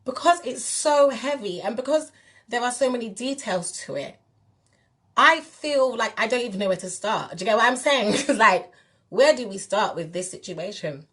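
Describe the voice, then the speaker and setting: A woman's voice: a little high, lively intonation, normal speed, a bit bright. Woman, spiritual teacher, candid vlog monologue, direct and emphatic. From England. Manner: direct, emphatic, addresses viewers as "you lot".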